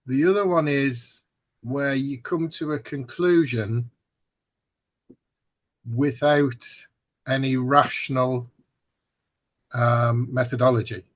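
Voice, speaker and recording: A husky man in relaxed podcast banter. He jokes at his own expense and stumbles through restarts. His pitch sits in an ordinary middle range. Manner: self-deprecating joking, halting restarts. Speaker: podcast co-host. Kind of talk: casual banter.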